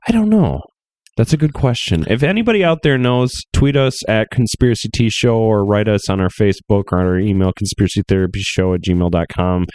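A young man with a fairly low voice hosts a loose, crude podcast, cracking jokes and laughing as he reads a creepy story aloud. His voice is recorded close and dry, with no room around it. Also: brisk, darkish tone, no room sound. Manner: crude, joking, laughs often. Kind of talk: casual podcast chat and story reading.

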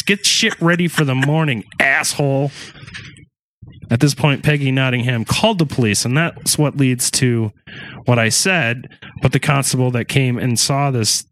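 A man's voice: medium pitch, a bit bright. A man casually retelling a haunting story on a podcast, cursing often, joking in asides and stumbling over words. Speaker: podcast host.

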